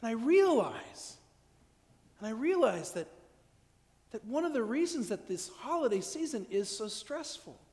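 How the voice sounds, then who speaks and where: A man with a high voice preaches a casual, humorous sermon, often restarting his sentences as he goes. He speaks in a church, and his voice rings out with a long reverb. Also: unhurried. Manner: humorous, animated, with frequent restarts. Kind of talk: conversational sermon. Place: church during an evening service.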